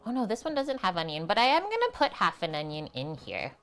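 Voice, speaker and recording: A woman's voice: mid-range voice, wildly swooping pitch, fast, soft background music. A young woman hosting a casual cooking livestream, chatting with viewers while she preps food in her home kitchen. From half French. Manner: chatty, reads and answers chat while cooking.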